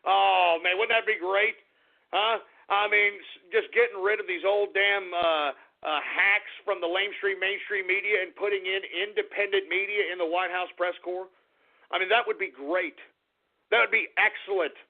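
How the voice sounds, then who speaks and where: A man's voice: high-pitched, fairly even intonation, normal speed. A male radio host delivering an angry, profane talk radio rant in tinny phone-like audio.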